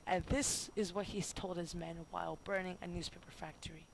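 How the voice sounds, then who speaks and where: Rambling, gravelly student history narrator. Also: medium pitch, steady tone, a little fast. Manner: rambling and goofy, full of fillers and self-corrections. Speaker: student making a history video. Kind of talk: jokey homemade history narration. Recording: noisy home recording with clicks.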